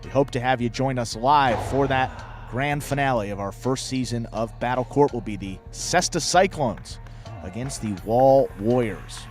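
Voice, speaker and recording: A man of ordinary pitch co-hosts a jai alai broadcast, upbeat as he announces upcoming games and a little halting in casual chat. Clear music sits behind him. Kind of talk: sports broadcast promos and banter.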